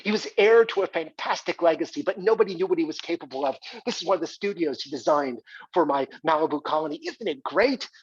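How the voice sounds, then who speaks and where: A man's voice: on the high side, fast talker, husky. An actor playing a wealthy, boastful male arts patron in a theatrical monologue. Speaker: actor in a one-man stage play. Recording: dull lo-fi recording.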